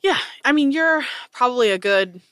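Bright-voiced woman game master. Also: on the high side, normal speed, clean tone, no echo, clean studio sound. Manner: lively descriptive narration. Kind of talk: narrating a tabletop game.

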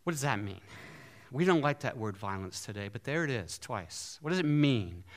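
A man preaching a sermon in an animated way, often asking his listeners questions. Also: mid-range voice, moderate pace. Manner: animated, asks the audience questions.

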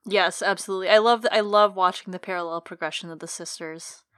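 Female podcast co-host, casual book recap, mid-pitched, dry studio sound. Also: steady tone, a bit bright, no room sound. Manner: conversational recapping, with quick impressions of characters.

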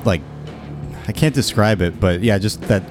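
Low-voiced man chatting about music. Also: moderate pace. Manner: relaxed, rambling, with frequent restarts. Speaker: podcast co-host reviewing an album. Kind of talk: casual chat.

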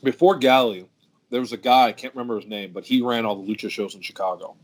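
A man's voice: mid-range voice, quick pace. A cursing man telling wrestling stories. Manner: profane, rambling storyteller. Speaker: professional wrestler. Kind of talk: casual podcast chat.

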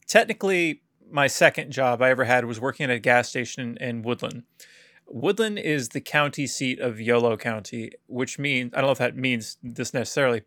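A man's voice: mid-range voice, fairly bright tone, no room sound. Wry man in his thirties, dry mic. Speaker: podcast co-host. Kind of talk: casual chat. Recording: dry close recording.

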